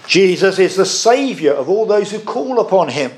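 A man preaching a sermon, earnest and emphatic, with measured pauses. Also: sits high, very animated.

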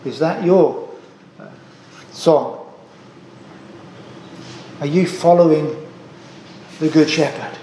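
A man's voice: on the high side, takes it slowly, pauses often, dark tone, reverberant, a little hiss or hum, low-quality recording. A man preaching a sermon, earnest and emphatic, asking the congregation rhetorical questions and repeating key phrases. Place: church.

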